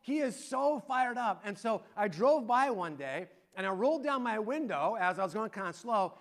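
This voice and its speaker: A middle-aged man preaching a sermon and telling an animated, excited story to his congregation. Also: high voice, normal speed. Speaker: pastor.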